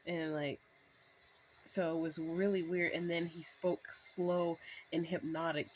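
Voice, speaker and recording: A woman's voice: low voice, level tone, a little slow, slight background noise, rough recording. A woman in her thirties telling a rambling story to camera, full of fillers and restarts. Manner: breaks into laughs. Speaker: vlogger. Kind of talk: casual storytelling monologue.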